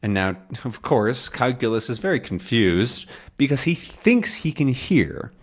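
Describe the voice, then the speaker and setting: A man's voice: mid-range voice, big pitch swings, measured pace. A man teaching English by explaining a comic to learners, talking loosely with fillers.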